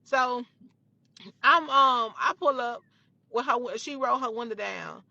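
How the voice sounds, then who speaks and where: A young woman recounts a story from her own life in a bright, forceful voice. She talks emphatically, swears freely and circles back over the same phrases. The recording is dry and a little dull. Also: a little high, a little slow, creaky, no echo. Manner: emphatic, profane, repeats phrases. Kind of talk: storytime retelling.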